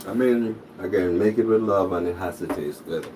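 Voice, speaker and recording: A man's voice: deep voice, moderate pace, distant mic, background noise. A man co-hosting a home cooking channel, laid-back and jokey, chatting between bites at dinner. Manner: laid-back, jokey, talks with food in mouth. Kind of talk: casual chat while eating.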